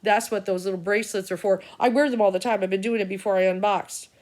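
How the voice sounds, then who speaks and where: A woman's voice: medium pitch, fairly even intonation, fast, darkish tone. A middle-aged woman, an intuitive reader, rambling through an agitated, profane, stream-of-consciousness vlog rant.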